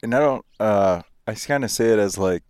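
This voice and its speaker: A man's voice: fairly low pitch, normal speed, a little mellow, dry recording, studio quality. A man hosting a podcast in casual chat, joking and laughing often, recorded outdoors near an airstrip. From United States. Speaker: podcast host.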